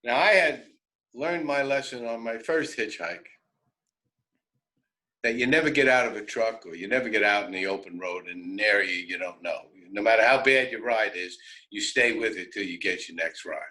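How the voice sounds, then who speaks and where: A man telling a road story on a radio show, animated and self-interrupting, often laughing. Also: fairly low pitch, moderate pace, rough recording. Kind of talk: casual storytelling.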